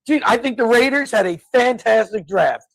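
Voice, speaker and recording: Man, high-pitched, gravelly, exasperated rants, podcast chat. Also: expressive, moderate pace, no room sound, low-quality recording. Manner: ranting, exasperated bursts. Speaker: co-host. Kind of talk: casual podcast banter.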